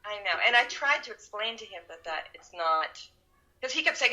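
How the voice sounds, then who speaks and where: A woman's voice: mid-range voice, moderate pace, lo-fi sound. A middle-aged woman, a film production veteran, telling stories in an interview and acting out what people said. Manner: animated, acts out quotes. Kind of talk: storytelling interview.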